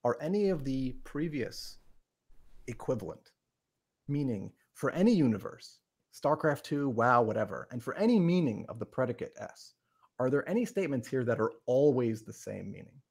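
A man with a gravelly, creaky voice leads a casual logic lesson on a live stream. He often restarts his sentences and keeps the tone playful. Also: medium pitch, animated, moderate pace, a little mellow. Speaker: podcast host teaching logic.

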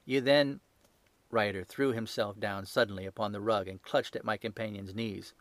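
A man's voice: lowish voice, steady tone, fairly quick, no room sound. Man narrating a classic story. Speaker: audiobook narrator. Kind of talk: scripted narration.

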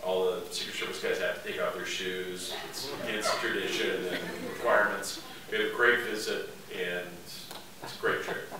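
A man telling a funny story to a live audience, animated and laughing through his lines. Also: low-pitched, normal speed, noisy background. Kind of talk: humorous anecdote. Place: large hall with a live audience. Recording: echoey room from far off with audience.

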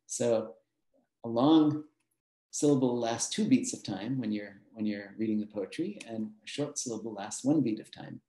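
There's a roomy echo around this male mathematician as he leads a master class. His voice sits in the mid-range with a warm tone, and he explains things patiently while using lots of fillers and little laughs.

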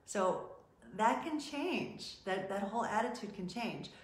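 A woman's voice: mid-range voice, unhurried. Chatty woman agent in an echoey room. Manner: chatty, animated, acts out quotes from clients. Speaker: modeling and talent agent. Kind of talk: casual teaching talk.

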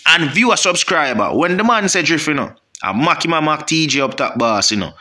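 A man's voice: fairly high pitch, animated, brisk, sharp tone. A man with a Jamaican accent giving rambling casual commentary to his viewers, often checking in with them. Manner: rambling, keeps asking "you see me". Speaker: music commentary vlogger.

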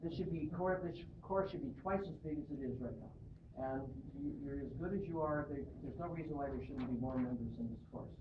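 A man evaluating and coaching a barbershop chorus, animated and encouraging as he explains vocal technique. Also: fairly high pitch, a little fast, distant mic. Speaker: singing judge. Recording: echoey room picked up from afar on a lo-fi, noisy device.

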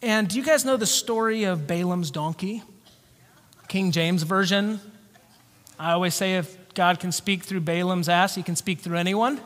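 A male pastor preaching a sermon with animated storytelling. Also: high voice, moderate pace. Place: church sanctuary. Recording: long church hall reverb.

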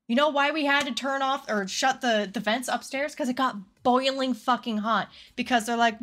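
A woman's voice: on the high side, moderate pace, fairly bright tone, faint music behind. A woman streaming from home, chatting casually while gaming, ranting heatedly and swearing a lot.

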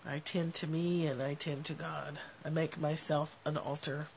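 A woman hosting a live stream, talking through spiritual ideas with viewers in a relaxed, reflective way. Her voice is nasal and she laughs often. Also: low voice, creaky, a little hiss or hum.

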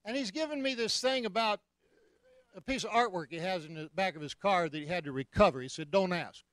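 A man preaching, telling anecdotes with lively delivery and repeated punchlines. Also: high-pitched, brisk, no room sound. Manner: animated storyteller, repeats punchlines. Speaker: guest preacher. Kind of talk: anecdotal sermon. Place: church.

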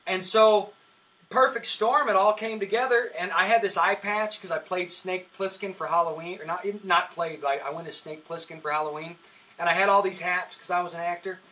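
A man's voice: high-pitched, fairly even intonation, a little fast, sharp tone, recorded from a distance, rough recording. A man who works as a comedian, chatting as a podcast guest and telling long, rambling stories, often restarting his sentences. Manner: rambling storytelling with frequent restarts. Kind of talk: casual podcast chat.

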